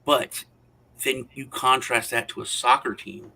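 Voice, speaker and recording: A man's voice: medium pitch, fairly even intonation, a little slow, gravelly, bright, forceful tone, husky, low-quality recording. A man co-hosting a casual roundtable chat, telling long rambling anecdotes. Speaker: co-host.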